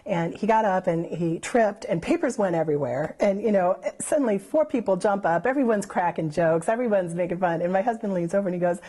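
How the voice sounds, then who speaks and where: A woman's voice: medium pitch, a little fast, few pauses. A woman, a church member, telling her own story unscripted, rambling along with lots of "you know" fillers. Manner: lively when recalling others' words.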